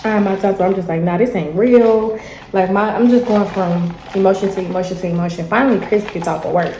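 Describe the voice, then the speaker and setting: Young woman, mellow tone, animated casual storytelling, echoey room. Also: mid-range voice, fast talker, a little hiss or hum. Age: young adult. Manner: animated, chatty, acts out dialogue. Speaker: vlogger. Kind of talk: casual storytelling while eating.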